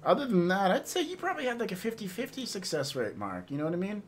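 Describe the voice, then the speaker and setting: A man's voice: high-pitched, sing-song, quick pace, slight background noise. A man streaming and chatting casually with viewers, rambling and laughing often, with some swearing.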